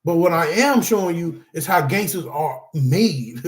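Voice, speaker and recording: Speaking in an echoey room, a middle-aged man with a fairly high voice delivers an animated, unhurried talk. He draws on his own experience to teach anger management, stressing and repeating his points and frequently calling everyone "y'all."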